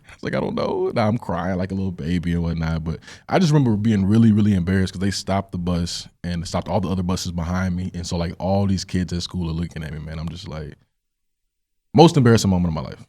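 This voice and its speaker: A man's voice: low-pitched, fast talker, dark tone. A young man hosting a podcast, telling a story in casual chat and often checking in with "right?". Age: young adult. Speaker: podcast host.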